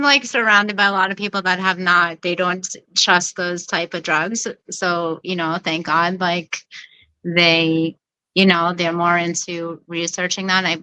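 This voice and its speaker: A woman with a lower voice that still sounds bright and forceful co-hosts a casual podcast. She answers hesitantly, with lots of "um" and "like," and her tone stays smooth and clear. The sound is dry and close to the mic. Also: no room sound, poor audio. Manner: hesitant, many fillers and restarts.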